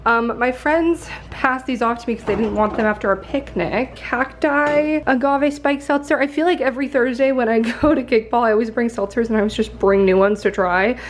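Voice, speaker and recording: A woman's voice: a little high, fairly quick, hardly any pauses. A woman in her twenties talking casually to her camera in a vlog, rambling and laughing often. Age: 20s. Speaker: lifestyle vlogger. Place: apartment and city streets. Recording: echoey room, faint ambient noise.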